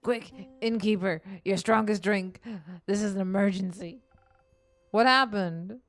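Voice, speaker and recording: A woman putting on a loud southern grandma. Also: medium pitch, measured pace, faint music behind, close to an everyday voice. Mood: urgent. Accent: put-on Southern US. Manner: loud, urgent, theatrical. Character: boisterous southern old woman tavern patron. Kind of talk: voicing game dialogue.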